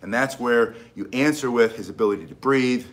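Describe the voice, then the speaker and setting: A man's voice: medium pitch, a little fast. A middle-aged man teaching self-defense in an emphatic, casual way, hammering home key points and often restarting his sentences. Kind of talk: casual instructional talk.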